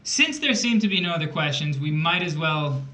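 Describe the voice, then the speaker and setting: A man's voice: on the high side, sing-song, normal speed, pushed and bright, echoey room, poor audio. A man hosting a tutoring stream, chatting casually and joking with word puzzles. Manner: jokey, playful with words.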